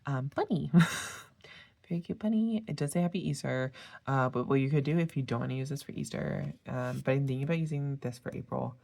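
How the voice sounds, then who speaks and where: A tired woman talks casually and rambles off on tangents. Her voice sits very low and grates with heavy fry. The tone is husky and dark. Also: fairly quick. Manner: chatty, rambling with tangents and fillers. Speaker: planner sticker vlogger. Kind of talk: casual chat.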